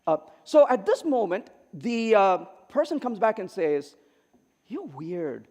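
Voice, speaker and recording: A man's voice: high voice, unhurried. A middle-aged man giving a humorous conference keynote, telling stories and acting out the lines of the people in them. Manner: animated, acts out quoted dialogue. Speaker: keynote speaker. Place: large conference hall. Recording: reverberant hall.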